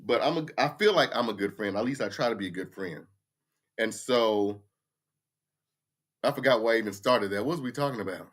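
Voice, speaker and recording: A man's voice: on the low side, animated, fairly quick, pauses often. A man, hosting a casual livestream chat, ranting bluntly with profanity. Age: 50s. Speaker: livestream host. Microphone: computer mic for a livestream.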